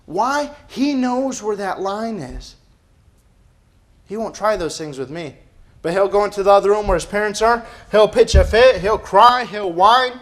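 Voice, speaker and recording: A man's voice: high voice, animated, a little slow. A man preaching a sermon as pastor, emphatic and firing off rhetorical questions. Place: church.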